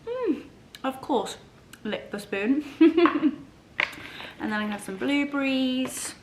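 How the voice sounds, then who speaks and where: A woman's voice: high voice, expressive, slow pace, roomy sound, noisy background. Bubbly woman chatting at home. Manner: bubbly and gushing, sing-song baby talk to her dogs. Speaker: lifestyle vlogger. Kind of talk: casual chatty vlog to camera. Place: at home, kitchen.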